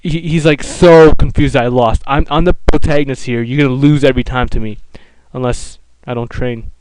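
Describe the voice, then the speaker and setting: Smooth-voiced man, sarcastic game commentary. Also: medium pitch, fairly even intonation, brisk, darkish tone, no echo, poor audio. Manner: sarcastic, swears freely, stumbling restarts. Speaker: let's play commentator. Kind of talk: casual gameplay commentary.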